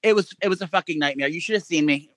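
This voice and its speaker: A man spins a story for his co-host at a rapid clip, his voice high and bright. He swears freely and jumps into a higher voice to act out what people said. The sound is dry and close. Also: dry recording. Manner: animated storyteller, swears a lot; acts out quotes in a high voice. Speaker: podcast co-host. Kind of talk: casual chat.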